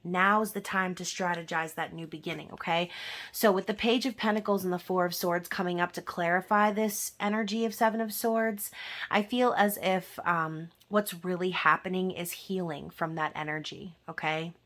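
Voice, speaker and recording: A woman's voice: fairly low pitch, fairly even intonation, normal speed, fairly bright tone. A woman giving a casual tarot reading who talks to her viewers directly and often ends a point with "okay?". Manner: conversational, often adds "okay?" at the end of a point. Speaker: tarot reader.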